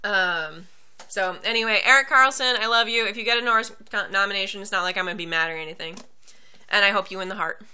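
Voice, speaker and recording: Bright, crisp-voiced woman chatting. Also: mid-range voice. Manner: chatty, laughs often, quick asides. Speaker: podcast co-host. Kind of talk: casual chat.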